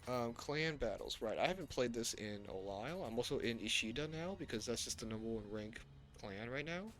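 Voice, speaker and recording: A man's voice: mid-range voice, lively intonation, fairly quick, fairly bright tone. A man streaming a video game, chatting casually about the menus and story, often stopping to correct himself and chuckling to himself. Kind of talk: casual gameplay commentary.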